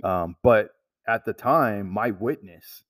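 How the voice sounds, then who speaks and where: A man telling a story about work in casual conversation, halting and restarting, with lots of "like" fillers. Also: fairly low pitch, no room sound, recorded from a distance.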